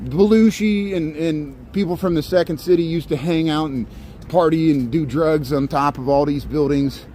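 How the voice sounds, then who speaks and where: A man's voice: a little high, normal speed, dark tone. A man hosting a rambling livestream walk down a city street, chatting with viewers as he goes. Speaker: livestream walking tour host. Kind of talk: casual livestream chat while walking. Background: faint street and traffic noise.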